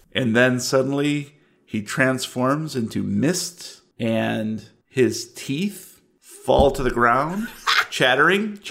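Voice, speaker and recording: Man, game master, slow measured narration, gravelly voice, horror tabletop game. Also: medium pitch, a bit bright.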